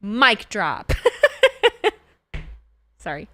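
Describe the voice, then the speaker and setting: Animated, joking woman streamer. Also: mid-range voice, drawn-out words, slight background noise. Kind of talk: casual live-stream chat, reacting and reading chat.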